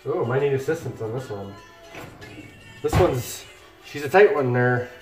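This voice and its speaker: A man's voice: medium pitch, expressive, unhurried. A middle-aged man hosting a casual cooking livestream from his home kitchen, chatting and joking with viewers while he cooks. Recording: echoey kitchen with music playing. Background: music from laptop speakers, frying food.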